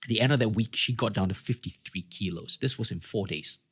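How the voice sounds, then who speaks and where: A man's voice: on the low side, a little fast, husky, no room sound, clean studio sound. A man, a fitness coach from Australia, talking as a podcast guest, telling stories animatedly and acting out what people said. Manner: animated storyteller acting out quotes. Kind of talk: casual podcast conversation.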